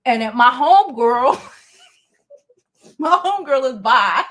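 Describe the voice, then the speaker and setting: A young woman with a high voice hosts a casual livestream gossip show. She talks in an animated way, laughs a lot and swears freely as she chats with her viewers. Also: takes it slowly. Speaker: gossip and advice show host.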